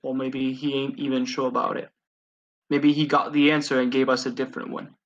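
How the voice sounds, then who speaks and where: A man's voice: medium pitch, level tone, brisk, muffled recording. A man playing a tabletop role-playing game, bantering in character with playful swearing and stumbling restarts. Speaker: tabletop player.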